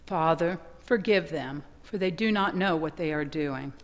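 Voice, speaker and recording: Jesus, a grave and calm man, as read by a woman. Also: low-pitched, measured pace, long reverb tail, voice pushed down. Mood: solemn. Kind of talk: liturgical reading of a speaking part.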